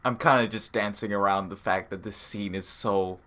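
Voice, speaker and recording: A man co-hosting a podcast in casual chat, explaining a cartoon plot with dry jokes and halting restarts. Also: on the low side, fairly even intonation, pushed and bright. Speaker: podcast co-host.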